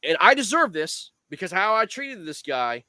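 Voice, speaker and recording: A man's voice: high voice, normal speed, dry recording. A man on a video call, telling a long fishing story in a casual, rambling way, full of "man" and "dude". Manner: rambling, animated, lots of fillers like "man" and "dude". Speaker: guest angler.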